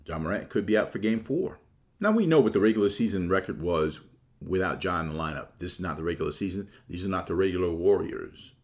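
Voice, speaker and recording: A man giving a casual, opinionated sports monologue, shifting between relaxed talk and animated, mocking quotes. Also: deep voice, quick pace. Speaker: sports commentator.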